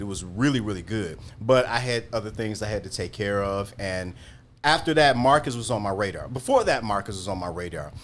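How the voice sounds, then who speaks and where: A talent manager, a man who is a guest on a live chat and explains his work in a laid-back, patient way. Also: mid-range voice. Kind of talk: casual interview chat. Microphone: video call.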